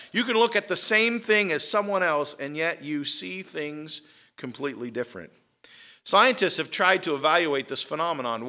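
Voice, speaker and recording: A man's voice: fairly high pitch, pushed and bright. A man giving a conversational talk to a live audience, with fillers and rising emphasis on key points. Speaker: speaker.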